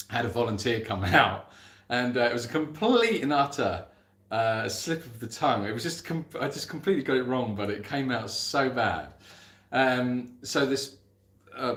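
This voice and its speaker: A man's voice: medium pitch, a bit bright. An English man hosting a casual live question-and-answer chat for an animal sanctuary, rambling and laughing at himself as he reads out viewer messages. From England. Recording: roomy echo.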